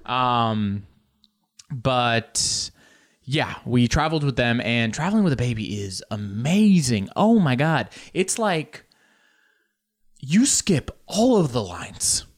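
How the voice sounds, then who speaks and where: A young man chatting casually to camera, animated and jokey, joking about how much he talks with his hands. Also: medium pitch, slow pace.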